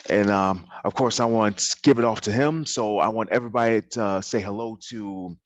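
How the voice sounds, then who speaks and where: A man hosting a podcast interview in casual chat, talking haltingly with many fillers and restarts. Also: lowish voice, a little hiss or hum. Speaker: podcast host. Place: hotel during a convention.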